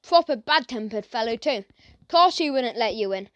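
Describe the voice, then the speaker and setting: A woman's voice: fairly high pitch, animated, normal speed, dry recording, lightly acted. A woman doing a chatty country postman. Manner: chatty, gossipy. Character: chatty country postman, grumbling but friendly man. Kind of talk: children's audiobook character voice.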